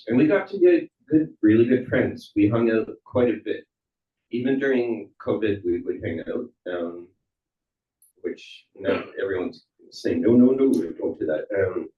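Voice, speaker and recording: A man speaking at a memorial for a friend, hesitant with many fillers. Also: lowish voice. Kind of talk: casual personal tribute. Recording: echoey, distant, muffled video call.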